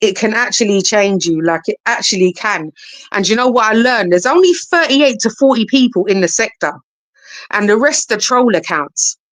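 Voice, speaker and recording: A woman with a South London accent, chatting casually as a guest on a live stream, animated and full of slang. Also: mid-range voice, normal speed, no echo. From England. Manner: chatty and animated, slipping into patois and Cockney slang. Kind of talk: casual chat.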